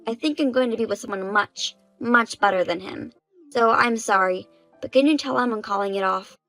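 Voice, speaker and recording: A young bride-to-be voiced by a woman talks in a smug, untroubled way. Nothing seems to shame her. Soft music plays behind. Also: a little high, normal speed, low-quality recording. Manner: smug, unbothered.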